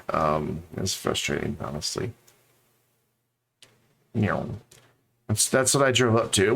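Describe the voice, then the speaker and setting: A man's voice: lowish voice, a bit bright. A man streaming a game, chatting casually and rambling to his viewers. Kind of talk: casual live-stream chat.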